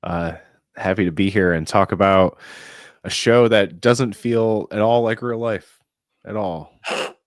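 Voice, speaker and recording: A man joining a casual podcast chat as a guest, deadpan and sarcastic. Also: fairly low pitch, a little slow, dry recording, studio quality. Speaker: guest panelist.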